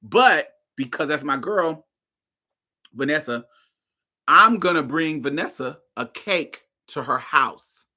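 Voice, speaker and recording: A woman hosting a podcast tells a story in a lively, swearing, dramatic way. Her voice swings widely in pitch and has a very bright, sharp tone. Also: slow pace. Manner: animated, profane, dramatic retelling. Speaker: podcast host. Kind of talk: casual storytelling.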